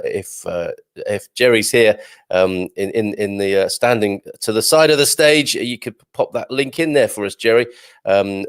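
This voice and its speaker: A man's voice: on the low side, clean tone. A man hosting a live morning show, chatting casually and greeting viewers by name as he reads their comments, with plenty of ums and uhs. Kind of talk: live-stream chat, reading viewer comments.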